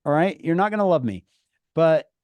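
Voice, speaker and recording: Animated man teaching on a video call. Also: fairly high pitch, normal speed, no room sound, muffled recording. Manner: animated, acts out dialogue in different voices. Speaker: teacher of teenagers. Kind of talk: online class teaching.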